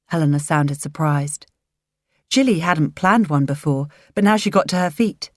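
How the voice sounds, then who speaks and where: Woman, storybook narration, low voice, gentle and measured, dry close sound. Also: no room sound. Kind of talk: audiobook narration.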